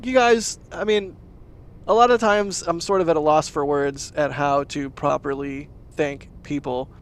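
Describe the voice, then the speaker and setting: A man's voice: fairly high pitch, fairly even intonation, measured pace, smooth. A man hosting a casual livestream chat, chatty and laughing often as he reads out and thanks supporters. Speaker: livestream host.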